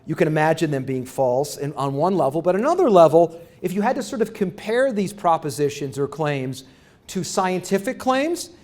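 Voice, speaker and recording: A man's voice: on the high side, lively intonation, moderate pace, darkish tone. A middle-aged man giving an academic lecture, often restarting phrases and checking with the audience. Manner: rambling restarts, asks the audience "right?". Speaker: university lecturer.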